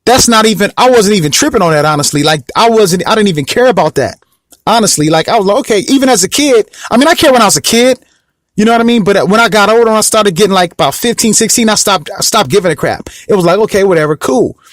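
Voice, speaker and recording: A man's voice: sits high, lively intonation, fast, dry recording, clean studio sound. A young man casually telling a personal story to the camera, rambling and repeating himself and often asking whether you know what he means. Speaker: vlog host.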